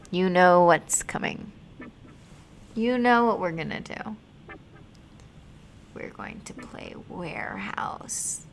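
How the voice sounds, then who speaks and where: A woman's voice: lowish voice, vocal fry, a bit bright, slight background noise. A young woman streamer reading a text game aloud, reacting expressively and swearing freely.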